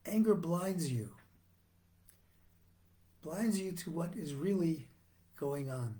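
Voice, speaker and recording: A male rabbi giving a sermon on the weekly Torah portion in a measured, earnest teaching manner with frequent restarts. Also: a little high, lively intonation, mellow.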